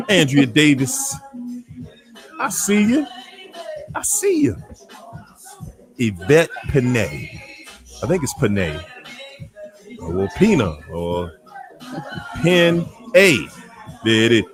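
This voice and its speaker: A man hosting a casual livestream, greeting chat viewers by name in an animated way, drawing out names and laughing often. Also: medium pitch. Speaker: livestream host.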